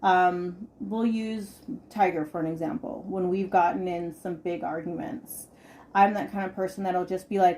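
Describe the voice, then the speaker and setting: A woman's voice: fairly low pitch, steady tone, moderate pace, darkish tone. A woman in her thirties hosting a podcast, talking candidly and emphatically about her own life. She repeats words for stress and swears casually. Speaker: podcast host. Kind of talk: candid personal podcast talk.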